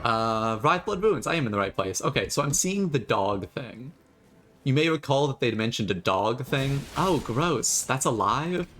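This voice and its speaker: A man streaming himself playing a video game, talking casually with rambling, sarcastic asides and animated bursts. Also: medium pitch, normal speed, slight background noise. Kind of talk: casual gameplay commentary.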